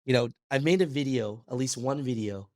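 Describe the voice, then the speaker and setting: Animated male podcast guest, dry sound. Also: medium pitch, a little fast, no room sound. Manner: energetic storyteller, acts out quoted dialogue, many restarts. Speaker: podcast guest, trucking video creator. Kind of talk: casual podcast conversation.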